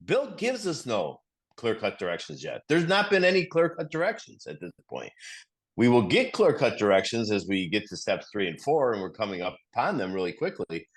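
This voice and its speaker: A middle-aged man sharing earnestly in a recovery study group, often repeating himself and restarting sentences as he tells a story. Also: mid-range voice.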